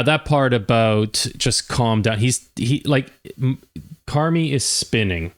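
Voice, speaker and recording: An older man, a retired chef, giving casual reaction commentary with unhurried talk, chuckles and restarts. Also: mid-range voice, no echo.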